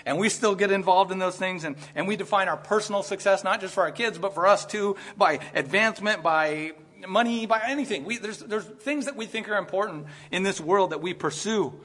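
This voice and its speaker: Man, middle-aged, preacher, sermon, church, fairly high voice, conversational, emphatic, joking asides. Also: moderate pace, fairly bright tone.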